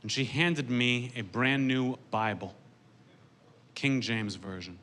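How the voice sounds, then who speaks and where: A male comedian with a middle-pitched voice performs stand-up on a club stage. His delivery is dry and deadpan, and he speaks into a handheld stage mic. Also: slow pace.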